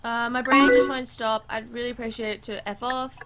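High-voiced woman reading game chat aloud. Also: fairly even intonation, fairly quick, very noisy. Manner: reads both sides of a chat aloud, chatty and reactive. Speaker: gaming channel host. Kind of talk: let's play, reading chat messages aloud.

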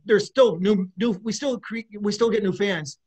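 This middle-aged guest musician has a high-sitting voice that is a little mellow and husky, delivered at normal speed. In a casual interview chat, he rambles, restarts frequently, and laughs.

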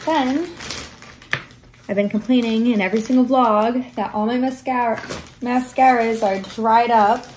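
A woman's voice: fairly high pitch, a little slow, a little mellow, a little hiss or hum. A young adult woman chatting casually in a haul vlog, enthusiastic and sometimes dropping into a half-whisper. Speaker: vlogger.

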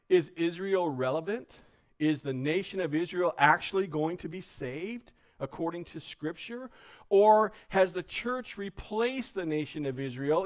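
A man delivers a sermon from the pulpit of a church. His voice sits a bit high, and his style is casual, plain-spoken and easygoing, with "man" dropped into his sentences. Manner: casual, joking, says "man" often. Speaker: pastor.

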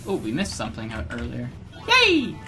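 A young man around twenty recording let's play commentary on a headset, excitable and given to loud, swearing outbursts of frustration. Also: mid-range voice, moderate pace. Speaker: gaming video host. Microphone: gaming headset. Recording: music playing underneath. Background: background music.

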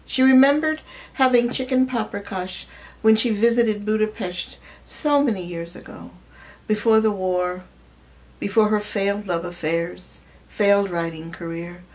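Woman, short story reading, measured, expressive, mid pitch. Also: low-quality recording. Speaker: reader.

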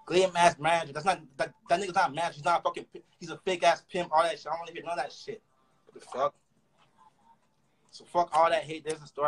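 A young man with a Toronto accent, ranting through a story fast and profanely, with frequent stammered restarts. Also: a little high, rough recording. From Canada. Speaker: rapper. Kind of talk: casual storytelling rant.

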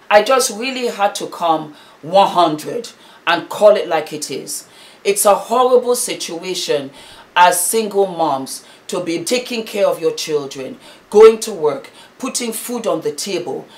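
A woman in her forties giving an impassioned commentary vlog, moving from quiet tenderness to loud, preachy exhortation. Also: medium pitch. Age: 40s. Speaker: YouTube commentator.

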